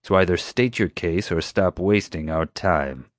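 A man's voice: sits low, unhurried, dry recording. A man voicing a tough, protective male escort who growls his words firmly. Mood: stern. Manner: growling, firm.

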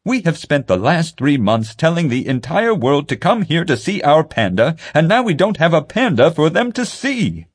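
A man voicing a vain, pompous male head of public relations who turns shrill and loud when angry. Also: big pitch swings, normal speed. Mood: screaming.

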